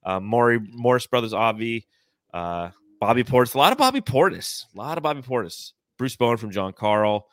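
A man hosts a casual sports podcast, his voice bright and forceful. He jokes bluntly, swears freely and reads out viewer comments from a live chat, heard close and dry. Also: medium pitch, sing-song, fairly quick, no room sound. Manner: joking, profane and blunt. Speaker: podcast host.

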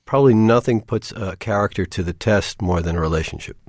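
A man's voice: lowish voice, fairly quick, darkish tone, dry recording, clean studio sound. A man, a TV writer, talking reflectively and casually in an interview.

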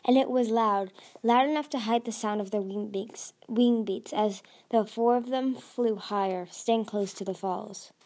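A woman's voice: medium pitch, fairly even intonation, measured pace, hardly any pauses, a little mellow. A woman reading a dragon fantasy novel aloud as an amateur narrator, with frequent slips and restarts.

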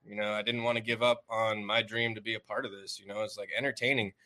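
A man's voice: lowish voice, level tone, fast, pushed and bright. A man co-hosting a casual podcast chat about booking comedy shows, rambling with lots of filler words and frequent laughter. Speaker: comedy show producer and co-host.

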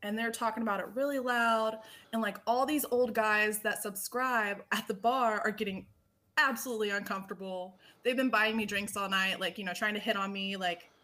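A woman's voice: medium pitch, steady tone, normal speed, bright, forceful tone. A woman in her thirties, a podcast guest, telling stories in a chatty, casual way with a lot of "like" fillers. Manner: chatty storytelling with lots of "like". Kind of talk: casual chat.

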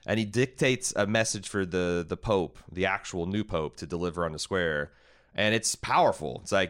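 A man's voice: low-pitched, moderate pace, a bit bright, clean tone. A man hosting a casual TV recap, rambling and paraphrasing characters with many fillers.

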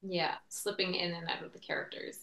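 Female guest, actor, encouraging, bright voice, echoey room. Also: lowish voice, flat delivery, brisk. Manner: encouraging, affirming. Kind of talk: casual interview chat.

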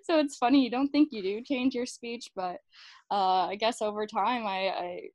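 A woman's voice: on the high side, moderate pace, a little mellow, dry recording. A young woman in her twenties from Alberta with a Canadian accent, chatting casually as an interview guest and laughing often. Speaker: guest, former college hockey player.

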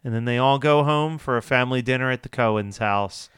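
A man's voice: mid-range voice, a little fast, a bit bright, smooth, no echo, studio quality. A man co-hosting a podcast, recapping a TV episode in casual, wry chat and laughing often.

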